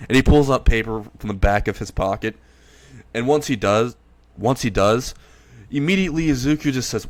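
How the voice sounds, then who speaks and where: A man narrates a comedic fan story in a casual, rambling way, restarting lines as he goes. His voice is mid-pitched. The recording is dry and close. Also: brisk, dry recording. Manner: rambling, retelling.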